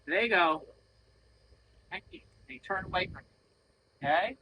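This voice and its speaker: A man's voice: high-pitched, expressive, a little slow, noisy background. A man working as a horse trainer, coaching bluntly while riding, swearing freely and acting out little voices to make his point. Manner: blunt, profane, acts out voices to explain. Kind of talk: coaching during a training session.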